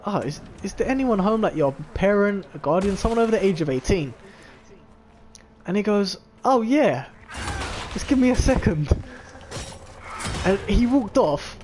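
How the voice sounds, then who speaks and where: A man's voice: sits high, darkish tone, a little hiss or hum. A man, chatting casually and telling a long story full of swearing and filler words. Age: 20s. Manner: rambling and profane, full of filler "like". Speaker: vlogger.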